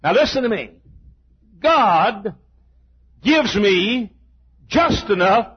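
An older man preaching a sermon, emphatic, with stammered restarts and shouted peaks. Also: high voice, lively intonation, extremely slow, breathy edge, dull audio.

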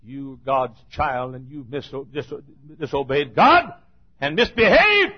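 A man preaching a sermon, telling a homespun story in a rambling folksy way and then rising to loud, shouted preaching. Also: on the high side, huge pitch swings, takes it slowly. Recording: dull lo-fi sermon recording.

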